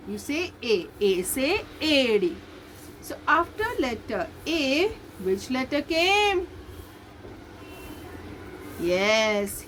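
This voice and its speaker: A woman teaching young children as a nursery teacher, slowly repeating letter sounds in a sing-song way. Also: high voice, fairly bright tone, a little hiss or hum. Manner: sing-song, slow drilled repetition of sounds. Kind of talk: recorded online lesson for young children.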